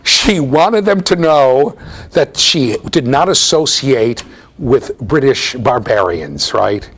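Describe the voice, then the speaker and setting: A man's voice: mid-range voice, lively intonation, slow, a bit bright, husky. A middle-aged American man giving a university lecture, telling stories with asides to his students. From United States. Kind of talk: storytelling classroom lecture.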